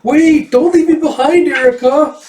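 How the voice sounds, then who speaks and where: A man's voice: very high-pitched, normal speed, a little mellow, distant mic, voice pushed up. A man voicing a small, timid, clingy little girl with a whiny, childish voice. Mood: pleading. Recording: echoey room.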